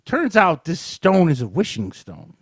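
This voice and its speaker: A man's voice: a little high, a little slow, slightly rough, no echo, studio quality. A man co-hosting a podcast, casually and animatedly retelling a movie plot. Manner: animated retelling, mimics characters in exaggerated voices. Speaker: podcast co-host. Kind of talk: casual movie review chat.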